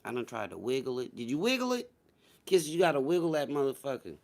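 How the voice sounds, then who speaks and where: A man hosting a casual livestream, joking and profane, swinging between loud shouts and low mutters. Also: big pitch swings, fast talker, vocal fry. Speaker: livestream host.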